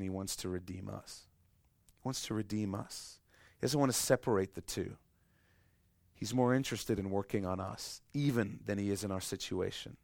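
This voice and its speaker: A man preaching a sermon with passion, repeating his phrases, swinging from loud to hushed and acting out voices in his story. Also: fairly low pitch, dry recording, studio quality. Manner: repeats phrases, acts out voices of God and people. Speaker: pastor.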